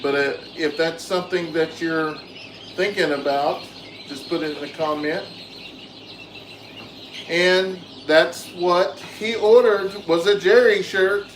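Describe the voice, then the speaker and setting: Easygoing farm vlogger. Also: male voice, high-pitched, steady tone, slow. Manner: easygoing, soothes animals softly. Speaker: farm channel host. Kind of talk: casual farm vlog, talking to viewers. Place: outdoors on a farm with birds. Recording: echoey with loud outdoor noise.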